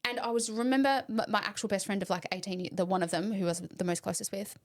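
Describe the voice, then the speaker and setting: A fast-talking woman with a mid-range voice hosts a podcast and tells stories in a casual chat. She's animated and swears, acting out the voices of people in her tales.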